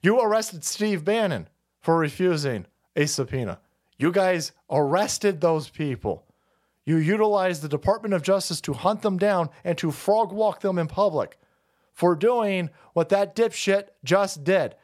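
A man's voice: expressive, unhurried. A man hosting a political commentary stream, ranting crudely and mocking the clips he plays. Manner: mocking, crude, shouting swings in pitch; does mocking falsetto voices when quoting others.

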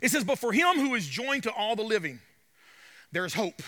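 A male pastor preaching a sermon to his congregation, swinging from quiet asides to hollering and calling out to the crowd. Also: high voice, very animated, brisk, big-room sound. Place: church sanctuary.

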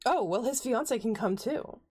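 A woman's voice: on the high side, lively intonation, normal speed, a little mellow, slightly rough, pitched above the performer's own voice. Lady doing a flirty flamboyant air spirit guy, purring and theatrical, tabletop game. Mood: flirtatious. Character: flamboyant male air genasi neighbour, sultry.

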